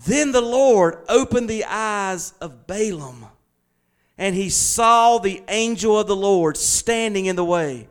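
High-voiced preacher. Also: male voice, clear, resonant tone. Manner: fervent, rising into proclamation; reads scripture aloud. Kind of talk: sermon.

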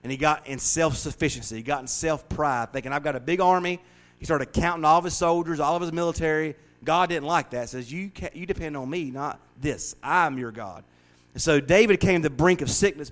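Middle-aged male pastor, raised pitch, casual folksy preaching that shifts between hushed and loud. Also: a little fast. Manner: folksy and conversational, swings from hushed to loud and lively. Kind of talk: informal sermon, Bible study.

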